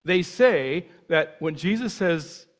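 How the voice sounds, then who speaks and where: An older man teaching a Bible class in a casual, animated way, asking many rhetorical questions and breaking off mid-sentence. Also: a little high, slow pace. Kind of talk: informal Bible teaching talk. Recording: muffled lo-fi recording.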